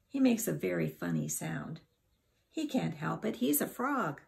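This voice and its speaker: A woman doing a shy, soft-spoken little girl. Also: lowish voice, big pitch swings, measured pace, gravelly, full character voice. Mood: gentle. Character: very quiet, shy young girl.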